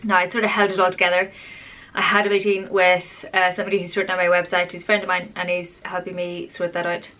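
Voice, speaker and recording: A woman's voice: on the low side, monotone, fast, bright, forceful tone. A woman talking openly in a personal vlog, rambling and confessional in a chatty way. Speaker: vlogger.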